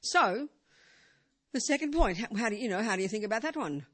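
Teaching Buddhism in a casual talk, this older woman sprinkles in "you know" and rhetorical questions, shifting from forceful to quiet. Her voice is slightly high, expressive and a bit rough, and her pace is fairly quick.

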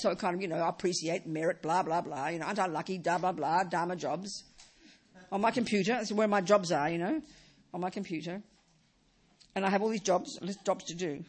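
A woman's voice: mid-range voice, breathy edge. A woman teaching a Buddhist dharma talk, who talks in bursts, repeats and restarts phrases, and keeps asking the listeners rhetorical questions.

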